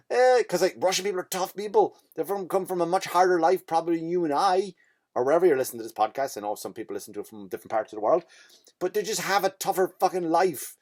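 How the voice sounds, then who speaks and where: An Irish comedian and podcast host telling a comic story in a rambling, profane way, often breaking off and restarting. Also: male voice, fairly high pitch, fast, darkish tone. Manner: rambling, profane, self-interrupting.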